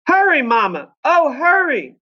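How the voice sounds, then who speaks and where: Storybook figure: a panicked little girl, high and shrill, put on by a male reader, slightly muffled recording. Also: big pitch swings, a little slow, bright, forceful tone, heavily acted. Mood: frantic. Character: frightened little girl calling for help.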